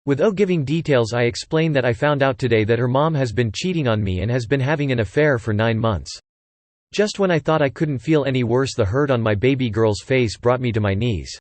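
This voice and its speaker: A man's voice: medium pitch, expressive, a little fast, darkish tone, dry recording. Man narrating a story, dry close sound. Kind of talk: first-person story narration.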